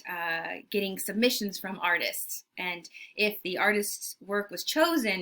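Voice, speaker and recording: A woman art history teacher telling stories in a casual classroom way, chatty and animated, acting out quotes. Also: medium pitch.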